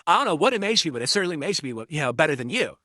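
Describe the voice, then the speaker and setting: A man's voice: a little high, very animated, very fast, sharp tone, dry recording, clean studio sound. A man streaming casually, reading out viewer tips, mocking his trolls and rambling as he justifies himself. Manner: mocking, gloating toward trolls; rambling, self-justifying monologue.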